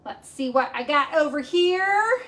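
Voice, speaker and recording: A woman's voice: high voice, animated, unhurried, fairly bright tone. A woman hosting a home cooking live stream, chatting in a rambling way with lots of ums as she cooks in her kitchen. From Texas. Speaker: cooking show host.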